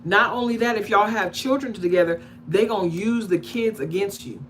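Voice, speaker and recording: A woman talking casually to her audience about relationships in an animated way, acting out the people she describes and checking in with questions. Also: medium pitch, normal speed, a little hiss or hum. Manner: conversational, asks the audience questions. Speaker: relationship commentator. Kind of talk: casual monologue to camera.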